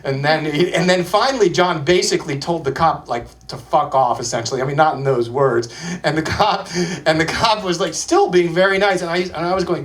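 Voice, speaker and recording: A man's voice: a little high, fairly quick, fairly bright tone. A man telling rambling anecdotes from a small club stage, hesitant and full of ums and restarts. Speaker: performer telling stories on stage.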